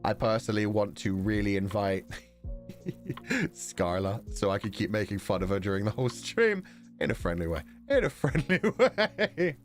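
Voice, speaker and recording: A man with a Belfast accent chatting casually on a stream. His voice sits fairly low, and he rambles along with frequent laughs. Faint music plays underneath. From Northern Ireland. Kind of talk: casual chat.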